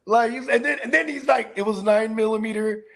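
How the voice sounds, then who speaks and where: A man's voice: high-pitched, brisk, vocal fry, fairly bright tone. A man co-hosting a podcast in casual chat, laughing often and acting out quotes in other voices. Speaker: podcast co-host.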